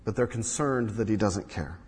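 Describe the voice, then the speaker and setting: A man preaching a sermon as pastor, moving between loud emphatic bursts and hushed low asides. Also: moderate pace, slightly rough. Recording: long reverb of a large hall.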